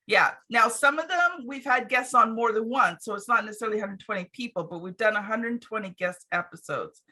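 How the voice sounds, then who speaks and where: Bright, chatty woman podcast host. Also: a little high, fairly quick. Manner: chatty, reflective, many fillers. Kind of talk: casual chat.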